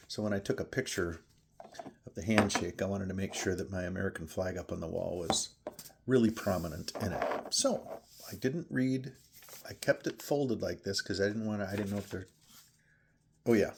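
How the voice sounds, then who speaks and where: A man's voice: on the low side, vocal fry, a little mellow, slight background noise. A man chatting casually as he tastes and reviews a bourbon, thinking aloud between sips. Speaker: whiskey reviewer. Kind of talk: casual tasting chat.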